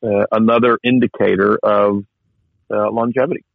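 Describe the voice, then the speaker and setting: A man's voice: lowish voice, little pitch movement, normal speed, vocal fry, dry recording, narrow, tinny audio. A man telling stories in a casual chat, wry and chatty, with many restarts and fillers.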